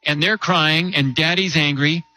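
A man preaching a sermon, telling a story with rhetorical questions and slowing down to stress key words. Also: a little high, fairly even intonation, bright, forceful tone, dry recording, low-quality recording. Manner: storytelling with rhetorical questions and slow emphatic drops.

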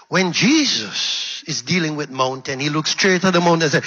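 A high-pitched male preacher delivers a fiery sermon, his voice husky and gravelly. He calls out to the congregation and veers between shouting and quiet asides. The recording sounds dull and lo-fi. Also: normal speed, hardly any pauses. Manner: animated, swinging from loud shouts to low murmurs.

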